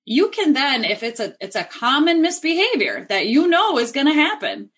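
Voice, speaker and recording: A woman's voice: high-pitched, wildly swooping pitch, normal speed, a bit bright. A woman parenting coach, a guest on a podcast, earnestly explaining advice with examples. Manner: earnest, explains with examples and role-played lines.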